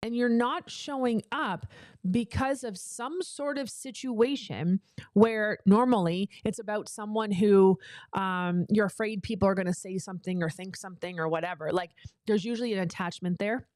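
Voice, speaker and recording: A woman coaching entrepreneurs in a motivational livestream talk, leaning on emphatic repeated phrases between chatty asides. Her voice sits at an ordinary middle pitch. It is recorded close on the microphone in a dry, dead space. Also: normal speed, a little mellow, dry recording. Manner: emphatic, repetitive motivational cadence. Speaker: business coach for female entrepreneurs.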